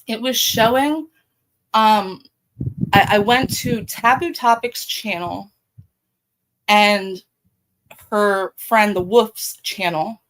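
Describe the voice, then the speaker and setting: A woman's voice: fairly high pitch, fairly bright tone, poor audio. A middle-aged woman with a Baltimore accent hosting a casual livestream, blunt and profane, talking straight to her chat. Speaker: livestream host.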